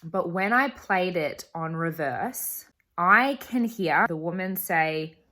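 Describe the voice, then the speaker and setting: Slow-talking young woman vlogger. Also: fairly low pitch, expressive, sharp tone. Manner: earnest, emphatic retelling. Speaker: travel vlogger. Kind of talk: vlog voice-over storytelling.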